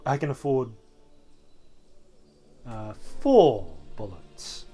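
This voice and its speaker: A man's voice: medium pitch, expressive, takes it slowly, pauses often, a little mellow, husky, faint music behind. A man hosting a let's play, giving casual gameplay commentary in a dry, wry, muttering way.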